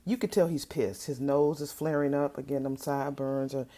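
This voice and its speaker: A woman giving casual, teasing reaction commentary from a hotel room, sassy and quick to laugh. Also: a bass voice, fairly even intonation, mellow. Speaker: reaction video host.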